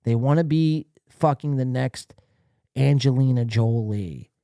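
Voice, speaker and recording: A man's voice: medium pitch, unhurried, gravelly, dark tone, dry recording, studio quality. Blunt profane male stream host. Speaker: live stream podcast host. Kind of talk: casual ranting commentary.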